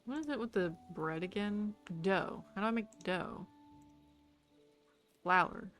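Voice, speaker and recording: A young woman talking her way through a game stream in a bright, forceful voice. She mutters to herself and greets the animals she meets. Faint music plays behind her. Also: mid-range voice, animated, slow pace. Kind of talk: casual gameplay commentary.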